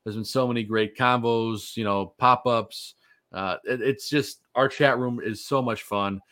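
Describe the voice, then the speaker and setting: A man's voice: mid-range voice, fairly even intonation, a little slow, a bit bright. A man in his thirties casually hosting a sports podcast, easygoing and rambling with lots of fillers. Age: 30s. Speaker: podcast host.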